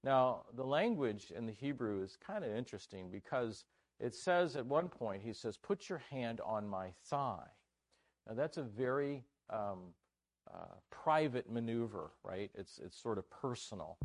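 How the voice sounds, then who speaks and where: A man preaching a conference sermon in an animated, conversational way, joking with his listeners. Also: mid-range voice, no room sound. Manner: animated, conversational, jokes with the audience.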